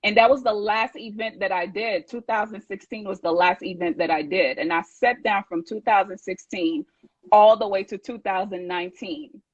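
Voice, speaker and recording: A woman's voice: medium pitch, normal speed, slightly rough, dry recording, highs cut off. A woman speaking as a guest in a live video interview, giving a reflective, heartfelt personal account. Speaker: guest, women's event organizer.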